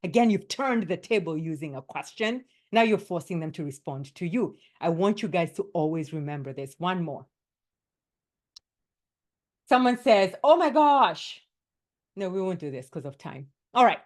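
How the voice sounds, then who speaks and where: A woman wellness coach giving a workshop talk to doctors, lively and emphatic, often checking in with her listeners. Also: on the low side. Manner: lively and emphatic, often tagging points with "right?".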